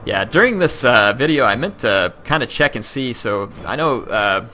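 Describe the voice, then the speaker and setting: A man's voice: mid-range voice, animated, normal speed, pushed and bright, faint music behind. A man from Kentucky with a Southern US accent, rambling through casual let's-play commentary with plenty of ums and likes. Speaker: gaming YouTuber.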